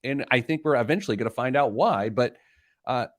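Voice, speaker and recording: A man's voice: mid-range voice, a little fast, no echo, clean studio sound. A middle-aged man hosting a radio show, chatting casually in a rambling, self-deprecating way. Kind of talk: casual chat.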